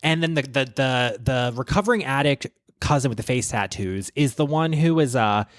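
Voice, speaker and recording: A man rambling through gossip on his podcast, swearing often and stacking one aside on another. His voice sits at an ordinary middle pitch. The studio sound is close and dry, with no room echo. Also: normal speed. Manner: profane, rambling, animated. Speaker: podcast host. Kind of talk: casual gossip commentary.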